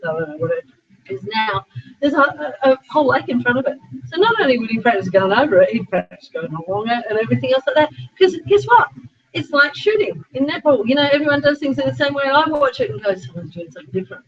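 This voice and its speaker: A middle-aged Australian woman with a very high voice gives an informal talk on sport psychology to a small group of students. She talks animatedly, full of asides and quick restarts. The recording sounds dull and lo-fi.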